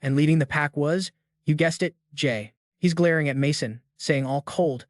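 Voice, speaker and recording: A man's voice: on the high side, moderate pace, no room sound, clean studio sound. A man narrating a story recap in a scripted, slang-heavy style with jokey asides.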